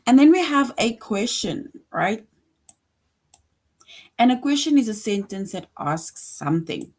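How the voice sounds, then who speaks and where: Slow, patient woman teaching young children. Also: fairly high pitch, sing-song. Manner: slow, patient, repeats points with frequent "right?". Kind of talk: online lesson for young children.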